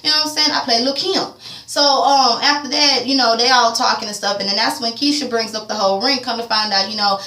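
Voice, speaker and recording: Animated woman in an echoey room. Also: on the high side, fairly quick. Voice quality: animated, profane, slangy. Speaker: TV recap vlogger. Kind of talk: casual TV episode recap. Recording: echoey room, distant mic.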